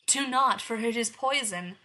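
A woman doing a fierce shouting huntress. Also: fairly high pitch, unhurried. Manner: commanding, shouting.

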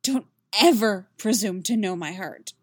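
A woman voicing a proud, sharp-tongued sorceress with a hoarse, raspy voice and cutting manner. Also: medium pitch, animated, unhurried, no room sound, studio quality. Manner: haughty, cutting.

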